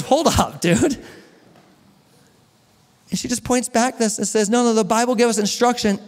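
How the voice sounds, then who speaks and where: A man preaching a sermon as a pastor, telling a story, asking the congregation questions and joking with them. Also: high-pitched. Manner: storytelling, asks the congregation questions, jokes and laughs. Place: church hall with long reverb. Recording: echoey church hall.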